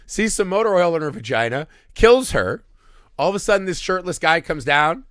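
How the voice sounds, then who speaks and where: A man co-hosting a casual movie podcast, retelling scenes in a profane, animated way and acting out bits of dialogue. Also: on the high side, normal speed, no room sound, clean studio sound. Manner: animated, profane scene recaps with acted-out voices. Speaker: podcast co-host.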